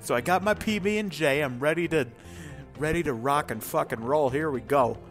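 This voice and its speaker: A man giving casual, rambling commentary while playing a game, profane and excitable. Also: on the high side, moderate pace, faint music behind. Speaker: let's play host.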